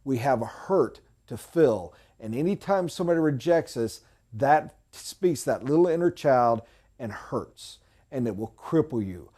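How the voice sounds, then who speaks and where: A man's voice: mid-range voice, lively intonation, measured pace, dark tone. A middle-aged man giving an emphatic, preachy motivational talk as a sales trainer in a training room.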